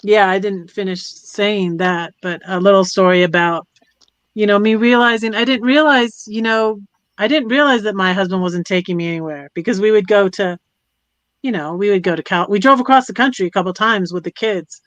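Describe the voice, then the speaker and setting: A woman's voice: medium pitch, normal speed, no room sound. A middle-aged woman from California hosting a live stream, chatting casually, laughing often and trailing off with ums. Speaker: poetry stream host.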